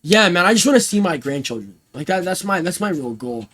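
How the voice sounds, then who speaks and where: A young man chats loosely on a stream, rambling from thought to thought with slang and plenty of swearing. His voice sits a little high for a man. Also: big pitch swings, brisk, fairly bright tone. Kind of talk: casual stream chat.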